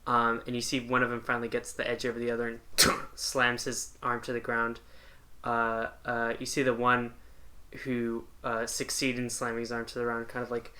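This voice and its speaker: A man's voice: mid-range voice, monotone, normal speed, bright, forceful tone. A man narrating a tabletop game as game master, hesitant and full of fillers.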